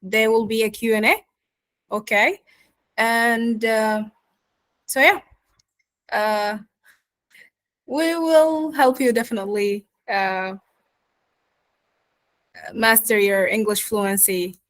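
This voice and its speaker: A woman's voice: a little high, steady tone, takes it slowly, pauses often, fairly bright tone, no echo. A woman coaching accents in an online course lecture, explaining step by step and speaking straight to her students. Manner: explanatory, addresses students directly.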